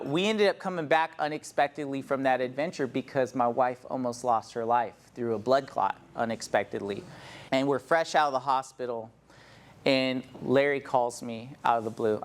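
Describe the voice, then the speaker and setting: A church planter in his thirties shares a heartfelt personal testimony, telling it in an earnest storytelling manner. His voice sits at a medium pitch.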